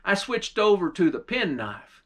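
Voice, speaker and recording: A plainspoken young country man in a spoken folk tale, played by a male storyteller. He talks in a folksy drawl, and his voice sits a little high. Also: big pitch swings, unhurried, heavily acted. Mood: easygoing.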